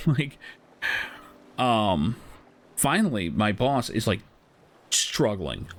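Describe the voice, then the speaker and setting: A man's voice: lowish voice, sing-song, extremely slow, long pauses. A man streaming a game, casually telling a story with frequent laughs and swearing. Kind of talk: casual storytelling while gaming.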